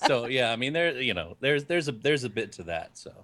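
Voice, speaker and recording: A man's voice: mid-range voice, big pitch swings, a little fast, fairly bright tone. A man co-hosting a podcast, chatting in an easygoing, rambling way with many fillers. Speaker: podcast co-host. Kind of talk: casual chat.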